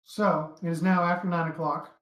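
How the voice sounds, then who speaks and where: A man narrating a tabletop game as dungeon master, easygoing and halting, with many fillers. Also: sits high, level tone, fairly bright tone, reverberant, rough recording.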